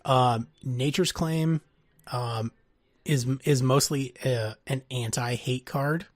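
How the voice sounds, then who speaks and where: Podcast cohost guy, ums a lot, pretty average pitch, dry sound. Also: no room sound. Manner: halting, many "um"s and restarts. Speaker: podcast co-host. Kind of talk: casual strategy chat.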